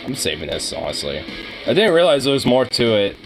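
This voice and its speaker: A man streaming casually, reacting to cat pictures with excitable gushing and casual swearing. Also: mid-range voice, brisk, over music. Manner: excitable, gushing over cats, casually profane.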